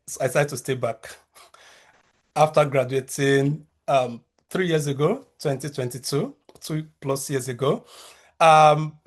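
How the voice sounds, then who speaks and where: A man in his thirties with a Nigerian accent, a researcher and lecturer giving a measured conference talk over a video call, with frequent fillers and restarts. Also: mid-range voice.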